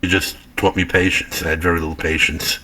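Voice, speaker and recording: A man, recalling his past in a halting way, with frequent fillers. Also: deep voice, flat delivery, sharp tone. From Brooklyn, New York. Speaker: interview subject in an animated story clip. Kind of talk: personal recollection.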